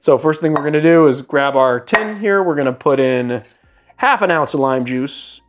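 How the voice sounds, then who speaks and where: A man's voice: on the high side, lively intonation, moderate pace, soft background music. A man hosting a casual cocktail how-to from his home bar studio, chatty and self-deprecating with rambling asides. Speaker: bartender host.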